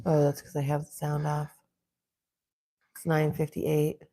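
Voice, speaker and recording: A woman hosting a casual livestream from home, chatting in a relaxed way and talking to her dogs now and then. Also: low-pitched, unhurried, vocal fry. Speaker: livestream host. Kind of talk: casual live-stream chat.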